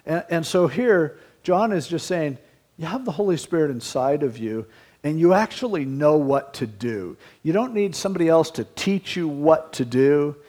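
An older man preaching a sermon to his congregation. His voice sits a little high for a man, and he talks in a relaxed, storytelling way, dropping in self-deprecating remarks. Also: moderate pace. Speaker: pastor.

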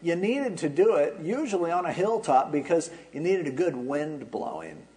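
A man's voice: fairly high pitch, lively intonation, normal speed, warm tone, rough recording. A man pastor preaching an expository sermon, explaining in a conversational way with wry asides.

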